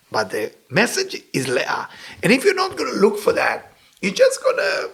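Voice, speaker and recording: Animated, gravelly male Kabbalah teacher. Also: sits high. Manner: animated, emphatic storytelling. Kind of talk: lesson with storytelling.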